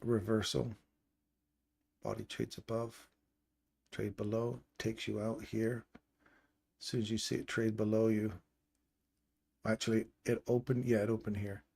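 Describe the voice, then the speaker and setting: A man with a slightly low voice talks through price charts on a live stream. His delivery is casual and explanatory, and he keeps pointing at levels on the screen as he goes. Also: level tone, a little slow, vocal fry, long pauses, a little mellow. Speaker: trading stream host. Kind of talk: live trading chart walkthrough.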